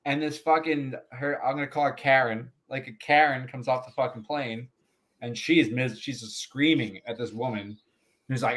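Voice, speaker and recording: Comedian guest, male, loose profane storyteller, average pitch, chatty podcast delivery. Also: fairly quick. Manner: profane, animated anecdote-telling with laughs.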